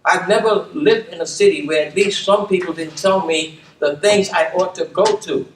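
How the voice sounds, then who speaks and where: Older man, former dean, emphatic repeater, fairly high voice, roomy distant mic with faint noise. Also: normal speed. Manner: repeats "okay?" to check in, emphatic restatements. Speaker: community leader and former dean. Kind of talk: reflective conversation.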